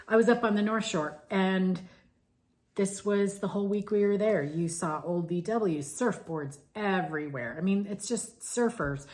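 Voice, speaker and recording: Rambly woman chatting about her cross stitch, lowish voice, goes off on tangents. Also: darkish tone. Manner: chatty, digressive storyteller. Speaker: flosstube co-host. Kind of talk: casual stitching chat.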